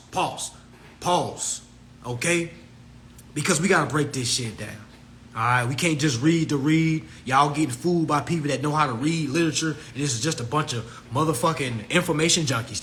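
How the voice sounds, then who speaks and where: A high, bright-voiced man rants profanely about law and debt, his pitch swinging wildly as he preaches at his listeners. He talks fast and animated, throwing in shrill impressions of people. A faint hum sits behind him. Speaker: host. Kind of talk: livestream talk.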